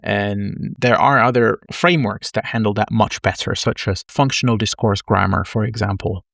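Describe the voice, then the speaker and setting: A man's voice: lowish voice, fairly even intonation, moderate pace, gravelly, a bit bright, no echo, studio quality. A man teaching an online syntax lesson, explaining step by step with frequent self-corrections and wry asides. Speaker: linguistics lecturer.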